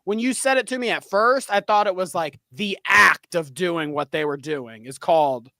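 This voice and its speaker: A man co-hosting a live-streamed chat show, animated and swearing freely, with frequent laughs. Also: sits high, normal speed, no echo, studio quality. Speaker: podcast co-host.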